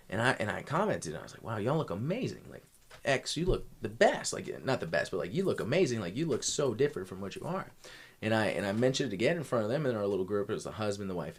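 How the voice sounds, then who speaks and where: A young man telling a long story as a podcast guest, rambling with many restarts. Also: deep voice. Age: young adult. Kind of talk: casual storytelling.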